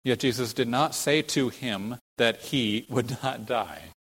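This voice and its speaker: Slow, emphatic male preacher in a hall. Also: medium pitch, fairly bright tone, husky. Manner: emphatic, rhetorical questions, slow deliberate phrasing with sudden stresses. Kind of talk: expository sermon.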